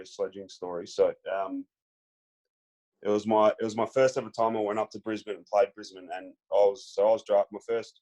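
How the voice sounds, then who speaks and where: A man with an Australian accent, a former footballer telling stories as a podcast guest in a relaxed way, with lots of fillers. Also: lowish voice. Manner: laid-back storyteller, many fillers, acts out quotes. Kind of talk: casual storytelling chat.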